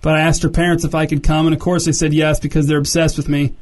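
A man voicing a blunt, jealous young boyfriend who talks low and pushy, calling everyone "dude". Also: level tone, fast, a little mellow, natural voice. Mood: brooding.

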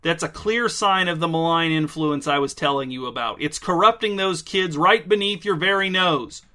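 A man voicing a brusque, bossy middle-aged man with a quick temper who gives orders. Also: fairly high pitch, sharp tone. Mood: insistent.

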